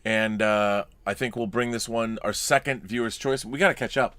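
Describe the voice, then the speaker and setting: A man's voice: lowish voice, fairly even intonation, normal speed, a bit bright, clear, resonant tone, dry recording. A man co-hosting a casual podcast, chatting about a film and reading out viewer comments and letters, with frequent restarts. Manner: rambling, restarts, reads letters aloud. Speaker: podcast co-host.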